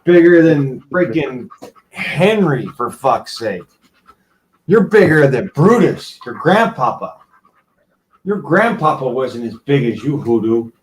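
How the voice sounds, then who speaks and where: A man's voice: medium pitch, sing-song, takes it slowly, noisy background. A man hosting a casual stream, talking profanely and teasing, switching to baby talk with his dog. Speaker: stream host. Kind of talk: casual chat while playing with his dog.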